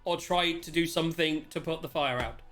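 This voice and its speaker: A man's voice: fairly high pitch, fairly quick, a bit bright. A man narrating a tabletop game as game master, chatty and laughing as he describes the scene.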